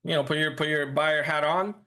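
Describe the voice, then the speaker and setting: A man leads a training session for real estate agents, talking loosely and often stumbling over restarts. His voice sits a bit high for a man. He slips into quick acted bits of agent and client talk. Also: fairly even intonation, sharp tone. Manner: casual, repetitive restarts, acts out client talk.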